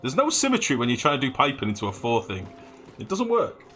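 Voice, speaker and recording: A man's voice: medium pitch, wildly swooping pitch, quick pace, sharp tone, faint music behind. A man streaming a game live, rambling and swearing as he builds, often humming and mumbling to himself. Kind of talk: live gameplay commentary.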